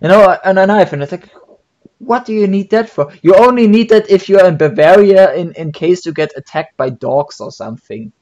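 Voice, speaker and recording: A man from Germany with a German accent, chatting casually on a stream, animated and full of fillers and restarts. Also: high-pitched, moderate pace, lo-fi sound. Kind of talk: casual chat.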